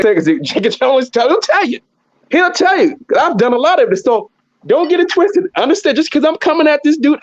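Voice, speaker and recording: Guy going off on a rant, blunt and cussing, repeats himself a lot, pretty high voice, flat muffled sound. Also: dry recording. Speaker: host. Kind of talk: heated casual commentary.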